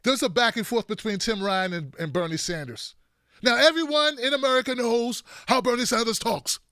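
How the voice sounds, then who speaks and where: A man hosting an online political commentary show, animated and mocking as he runs down debate performances. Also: very high-pitched, moderate pace, clean tone, no room sound, studio quality.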